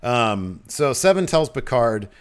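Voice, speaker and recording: A man co-hosting a podcast, recapping an episode step by step with lots of ums and quick quoted lines. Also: mid-range voice, sing-song, clean tone. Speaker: podcast co-host.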